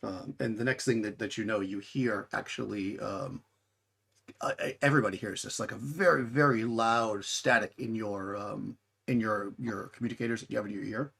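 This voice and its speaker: A man's voice: fairly low pitch, fairly even intonation, moderate pace, vocal fry, fairly bright tone, slightly rough. A man narrating as game master of a tabletop game, talking in a rambling way with many restarts.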